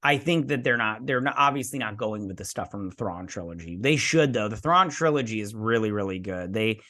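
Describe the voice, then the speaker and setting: A man's voice: fairly low pitch, animated, a little fast, sharp tone. A man hosting a casual episode recap and review, rambling through a loose play-by-play and adding his own sound effects. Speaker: host.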